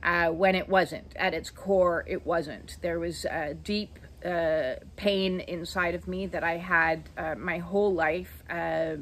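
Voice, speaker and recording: Slow, low-voiced woman telling her story. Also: steady tone, a bit bright, a little hiss or hum. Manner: slow, reflective, with many hesitant "uh" fillers. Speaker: channel host. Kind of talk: personal storytelling monologue.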